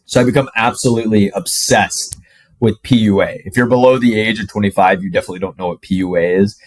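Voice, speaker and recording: A man's voice: on the low side, quick pace, dry recording. A man in his twenties telling a personal story to camera, casual and profane, with constant fillers like "like". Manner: profane, animated, heavy use of "like". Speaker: fitness coach.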